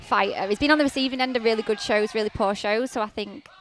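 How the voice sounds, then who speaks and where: A woman's voice: fairly high pitch, fast talker, slight background noise. A woman with a Yorkshire accent, chatting as a guest in an interview, with plenty of "like" and "um" fillers. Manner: chatty, leans on "like" and "um". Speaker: guest, fighter's partner. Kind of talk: casual interview chat.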